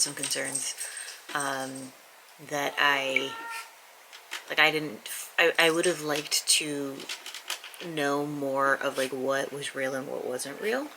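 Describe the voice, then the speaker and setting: A woman's voice: deep voice, pushed and bright, a little hiss or hum, low-quality recording. A woman book vlogger chatting candidly and rambling about her reading, recorded on a camera mic at home. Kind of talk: casual vlog chat.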